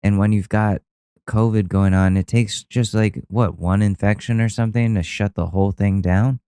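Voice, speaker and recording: Low, dark-voiced man riffing on clips. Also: fairly even intonation, normal speed, smooth, no echo. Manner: laughing, mocking, loose and profane. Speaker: podcast host. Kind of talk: casual commentary on viral clips.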